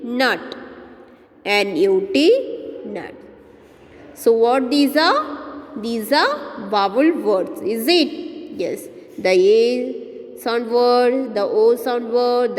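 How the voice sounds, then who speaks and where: Brief: Indian English woman, kindergarten teacher, very slow, spells letter by letter, higher voice, echoey room. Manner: spells letter by letter, asks and answers her own questions. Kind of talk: slow phonics lesson, spelling words aloud.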